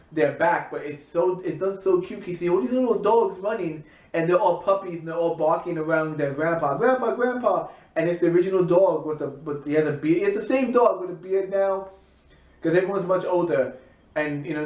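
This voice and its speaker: Rambling man in an echoey room. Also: a little high. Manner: rambling, many fillers and restarts. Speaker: cartoon reviewer. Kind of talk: casual episode recap.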